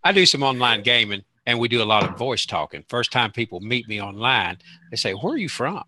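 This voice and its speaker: A man with a slight Southern American accent and a very bright, sharp-edged voice. He co-hosts a relaxed chat show in a self-deprecating, chuckling way. The recording is dry and close. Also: medium pitch, a little fast, dry recording. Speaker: co-host. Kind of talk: casual chat.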